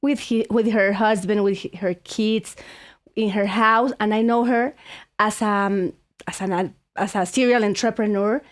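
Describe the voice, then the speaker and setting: A woman's voice: medium pitch, unhurried. A woman from Mexico with a Mexican Spanish accent, a native Spanish speaker, telling a story in casual chat as a podcast host, full of restarts and fillers. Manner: animated, many restarts and fillers.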